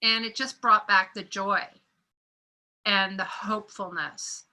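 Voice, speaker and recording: A woman sharing a personal story in a group meeting, animated and acting out the voices of the people she quotes. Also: mid-range voice, slow, rough recording. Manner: animated storyteller who acts out quoted voices and laughs often. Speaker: meeting participant.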